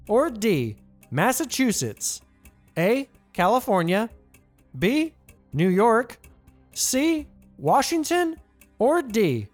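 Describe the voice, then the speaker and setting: A man hosting a trivia podcast, reading answer choices and adding playful jokey asides. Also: sits high. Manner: playful, jokey asides, reads options twice. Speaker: trivia host.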